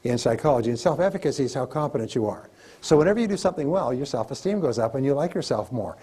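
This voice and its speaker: A man's voice: mid-range voice, expressive, fast talker, warm tone, breathy edge. A man giving a motivational seminar lecture to a live audience, emphatic and repetitive as he coaches them. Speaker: motivational speaker.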